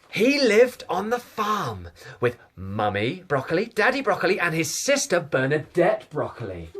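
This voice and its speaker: A man's voice: a little high, breathy edge, exaggerated voice. A man playing a prim male egg who hosts children's storytime in a bossy, sing-song nursery-teacher way over a video call. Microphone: webcam or laptop mic on a video call.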